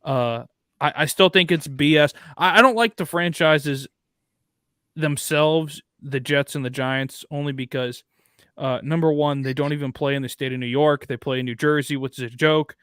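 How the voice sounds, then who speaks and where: Fired-up ranting man, crisp dry voice. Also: fairly high pitch, moderate pace, fairly bright tone, no room sound. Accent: Northeastern US. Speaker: podcast co-host. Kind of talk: casual sports chat.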